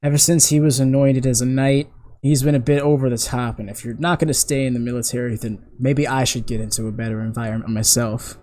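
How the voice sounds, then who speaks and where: A man's voice: medium pitch, fairly even intonation, a little fast, mellow, natural voice. A man voicing a young male half-elf soldier who blurts things out without holding back. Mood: earnest.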